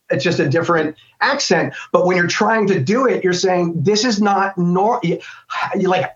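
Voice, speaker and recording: A man's voice: on the high side, a bit bright. Middle-aged American male guest, raised voice, chatty and meandering, muffled recording. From United States. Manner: rambling, thinks aloud with many restarts. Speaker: guest voice actor. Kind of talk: casual interview chat. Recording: dull lo-fi sound.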